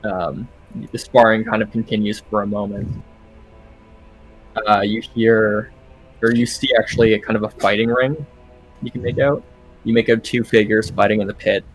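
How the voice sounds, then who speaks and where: A man's voice: on the low side, steady tone, moderate pace, faint music behind. A man narrating as game master, describing the scene with lots of hesitant ums.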